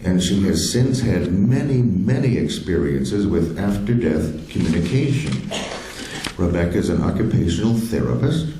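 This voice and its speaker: Deep-voiced man introducing a speaker. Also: expressive, normal speed, warm tone, echoey room, a little hiss or hum, rough recording. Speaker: service host introducing the speaker. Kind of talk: read introduction.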